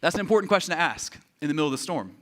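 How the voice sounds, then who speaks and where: Young pastor guy preaching, high bright voice, acts out all the characters. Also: rapid-fire. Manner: animated storytelling, acting out voices. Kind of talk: sermon.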